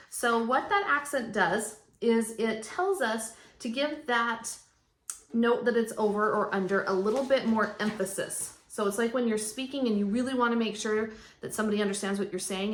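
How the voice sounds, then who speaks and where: Patient woman teaching violin in echoey room. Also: medium pitch. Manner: patient, plain step-by-step explaining with counting aloud. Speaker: strings teacher. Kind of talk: instructional explanation. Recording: echoey room, faint background noise.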